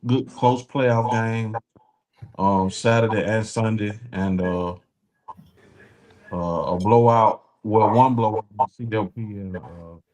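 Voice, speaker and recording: A man co-hosting a casual sports podcast over a remote mic, speaking hesitantly with many fillers. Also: lowish voice. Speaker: podcast co-host. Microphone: remote mic, sound cutting low.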